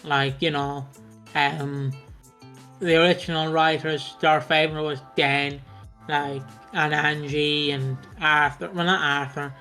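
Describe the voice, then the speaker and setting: A man with a high voice chats casually over a video call, swearing freely and slipping into quick impressions of the people he talks about. Faint music sits behind him. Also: level tone, pushed and bright. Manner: sweary, mimics characters in bursts. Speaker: podcast co-host.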